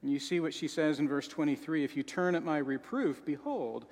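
A man preaching a sermon in a bright, high voice. He swings from hushed, sorrowful lines to loud shouting, and his voice rings out with the long reverb of a large hall. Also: fairly quick. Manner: dramatic, shifts between soft sorrowful and shouting.

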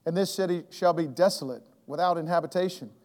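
A man's voice: on the high side, quick pace, a little mellow. Earnest man teaching in a reverberant hall. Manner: earnest, emphatic, repeats and restarts phrases. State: throat trouble, clearing his throat. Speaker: Bible teacher. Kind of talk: evening Bible class teaching.

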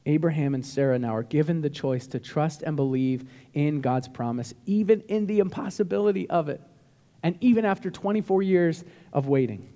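A man preaching a sermon as a pastor, animated and emphatic, with bursts of rising intensity. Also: fairly high pitch, normal speed. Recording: long hall reverb.

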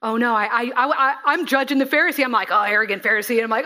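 A woman preaching a sermon, reading scripture and acting out the figures with lively expression. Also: on the high side, racing, hardly any pauses, slight background noise. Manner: expressive, acts out scripture figures, laughs at herself.

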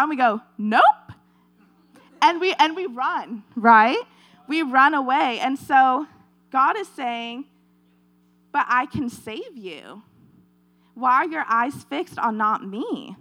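A woman's voice: high-pitched, a bit bright. A woman giving an earnest devotional talk, retelling a scripture story in a conversational preaching style and repeating her points.

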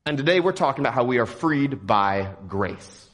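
A young man from Texas preaching a sermon in a relaxed, joking, conversational way. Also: mid-range voice, normal speed. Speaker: pastor.

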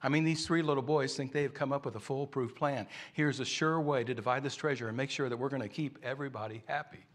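A man's voice: medium pitch, quick pace, few pauses. A man preaching a sermon, telling a story in a conversational way.

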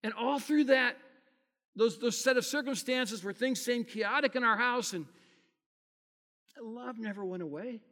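Man, pastor, sermon, high voice, earnest, loud peaks and quiet drops, long reverb. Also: a little slow, pauses often. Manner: earnest preaching, swelling loud on key phrases then dropping quiet.

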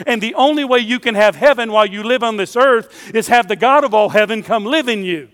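A male preacher delivers a sermon with a notably high voice, pressing his points through emphatic repetition. The sound carries a long reverb, as in a large church sanctuary. He talks straight to his congregation. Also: fairly quick, a bit bright. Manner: emphatic, repeating key phrases.

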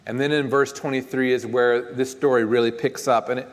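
A man with a Texan accent delivers a conversational sermon from the pulpit. His voice sits at a middle pitch, and he stays relaxed as he searches for his words. Long reverb from the large sanctuary trails each phrase. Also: a little fast, hardly any pauses. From Texas. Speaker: pastor. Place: church sanctuary.

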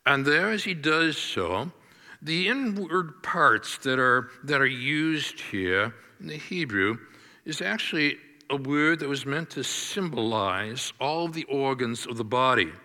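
A male pastor delivers a sermon at an unhurried pace, leaning hard on key words. His voice is strikingly bright and forceful. It rings out with a long hall reverb. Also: medium pitch, expressive. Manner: deliberate, emphatic preaching with stressed key words.

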